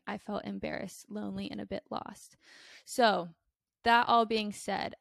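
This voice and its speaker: A woman's voice: mid-range voice, gravelly, dry recording, clean studio sound. A young woman hosting a podcast, talking in a candid, blunt way with lots of fillers. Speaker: podcast host. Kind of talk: casual chat.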